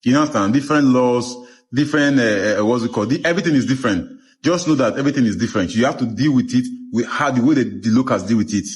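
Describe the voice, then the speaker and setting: A man's voice: medium pitch, fast. A Nigerian man with a Nigerian Pidgin-tinged accent giving casual, instructive advice and often checking that listeners understand. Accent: Nigerian Pidgin-tinged English. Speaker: advice-giver.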